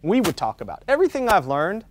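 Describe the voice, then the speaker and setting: This high-sitting male voice swings widely in pitch and moves at a quick pace, with a faint hiss or hum in the background. He's running a meditation teacher-training workshop in a relaxed, chatty way, asking "right?" again and again and ramping up on the points that matter.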